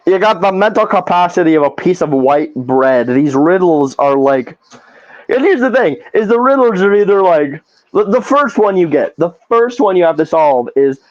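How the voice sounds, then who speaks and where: A man's voice: high voice, expressive, moderate pace, no room sound. Profane, ranting man on a podcast. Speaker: podcast co-host. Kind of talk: casual podcast chat. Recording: slightly dull lo-fi podcast audio.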